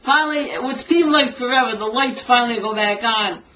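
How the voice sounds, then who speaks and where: An older woman, a singer, telling a story from her early career in an interview. She is a lively storyteller who acts out what people said and laughs often. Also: a little high, moderate pace, rough recording. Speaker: singer and tribute artist for a famous singer.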